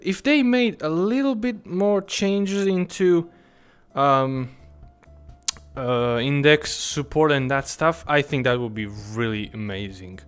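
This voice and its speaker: A male gamer talks through his play, his voice swinging widely as he exclaims, curses and turns mock-polite with the customers. He talks at an unhurried pace over faint game music. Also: fairly high pitch, clean tone. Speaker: gaming YouTuber. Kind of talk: casual gameplay commentary.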